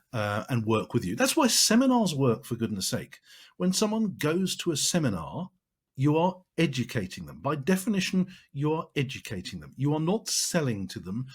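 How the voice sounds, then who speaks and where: A man's voice: on the high side, husky. A man giving a marketing training talk, emphatic and repeating phrases for stress.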